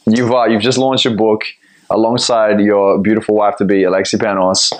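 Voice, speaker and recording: A man's voice: fairly low pitch, flat delivery, moderate pace, low-quality recording. A man hosting a podcast, interviewing his guest in a hyped, laid-back, bro-ish way. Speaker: podcast host. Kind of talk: casual interview.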